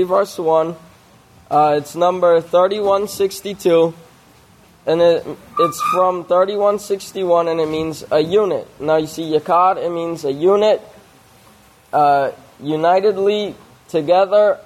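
A man delivers a sermon-style scripture study at an unhurried pace. His voice sits somewhat high for a man. He reads passages aloud, then works through word meanings with small fillers and restarts. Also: a little mellow. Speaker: preacher.

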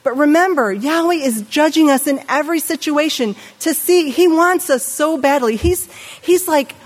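A middle-aged woman preaching a sermon in an animated way, asking her listeners questions and acting out the voices she quotes. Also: high-pitched, moderate pace, long reverb tail.

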